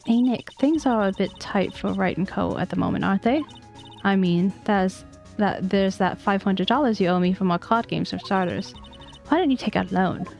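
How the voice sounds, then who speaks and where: A woman's voice: mid-range voice, moderate pace, creaky, darkish tone, faint music behind, lightly acted. Woman doing a cheeky young girl assistant. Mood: teasing. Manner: teasing. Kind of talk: reading game dialogue aloud.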